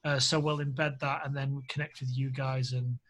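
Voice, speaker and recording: A man's voice: mid-range voice, level tone, normal speed, fairly bright tone. A man hosting a casual interview, talking in a rambling way with many restarts and fillers. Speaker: festival interviewer. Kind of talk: casual video call interview.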